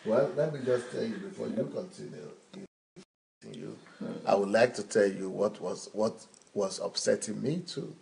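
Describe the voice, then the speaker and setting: A man's voice: fairly low pitch, moderate pace, gravelly, darkish tone. A man in his fifties, a pastor speaking bluntly and insistently in a live question-and-answer talk. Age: 50s.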